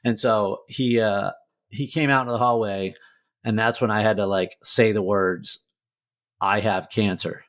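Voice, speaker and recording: A man's voice: lowish voice, fairly even intonation, normal speed, fairly bright tone. Middle aged guy telling his story on a podcast, raw and emotional, swears a lot, says like constantly. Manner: candid, emotional, swears freely, many "like" fillers. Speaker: guest, motivational speaker. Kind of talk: personal storytelling in a podcast interview.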